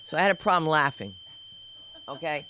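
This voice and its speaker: A woman doing stand-up comedy on a club stage, telling stories in a lively, swooping way and throwing in shouted sound effects. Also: sits low, brisk, slight background noise, poor audio.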